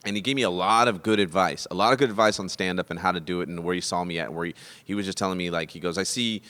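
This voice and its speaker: A man's voice: low-pitched, racing, pushed and bright. A man, a comedian guest, telling rambling, profane, self-deprecating stories in a casual chat at a comedy club.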